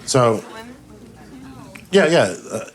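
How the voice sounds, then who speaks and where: Very animated and stretching out his words, a man with a mid-range voice performs crude, rambling stand-up on a club stage, imitating other people's lines. It's a live recording with a loud, laughing crowd.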